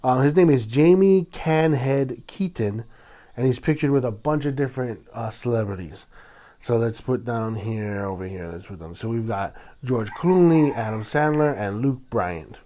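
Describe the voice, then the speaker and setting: A man hosting his own podcast in casual solo talk, rambling and dramatic, with sudden loud bursts. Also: medium pitch, normal speed. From Hawaii. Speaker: podcast host.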